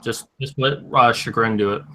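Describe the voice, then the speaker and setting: A man's voice: mid-range voice, fairly even intonation, normal speed, background noise. A man hosting a card game stream, explaining the rules and keeping the players in order. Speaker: game host. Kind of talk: casual game-stream chat.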